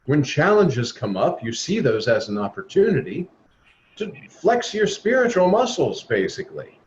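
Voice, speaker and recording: A man's voice: fairly high pitch, big pitch swings, moderate pace. Man giving an earnest spiritual talk. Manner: earnest, exhorting, acts out quoted voices. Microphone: video call. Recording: dull lo-fi video call audio with faint noise.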